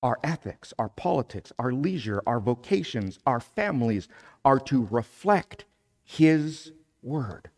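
A man preaching a sermon, deliberate and measured, rising in force when he reads scripture aloud. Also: mid-range voice, very animated. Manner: slow, deliberate preaching with emphatic rises when reading scripture. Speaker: pastor.

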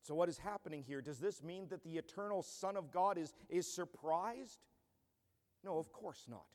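A man pastor delivers an earnest, emphatic expository sermon in a fairly high voice. His speech carries a long reverb from a large church hall. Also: lively intonation, normal speed, darkish tone.

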